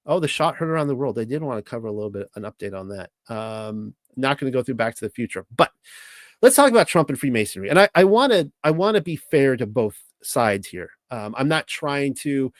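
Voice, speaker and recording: A man's voice: medium pitch, no room sound. Rambling Californian man, dry close sound. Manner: rambling, halting, with many restarts and fillers. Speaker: host. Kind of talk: casual monologue.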